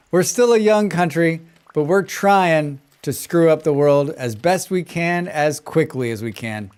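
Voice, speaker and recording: A man with a flat General American accent, a game streamer chatting casually while he plays, rambling from point to point and humming little tunes to himself between remarks. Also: a little high, a little slow, hardly any pauses, clear, resonant tone. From western United States. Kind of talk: casual chat while gaming and reading chat.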